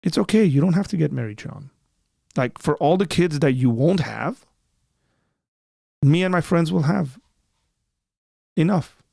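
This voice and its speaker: A man hosting a live call-in show, arguing and answering chat questions with quick restarts and repeated words. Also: a little high, lively intonation, vocal fry, darkish tone, no room sound, studio quality. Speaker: apologetics show host.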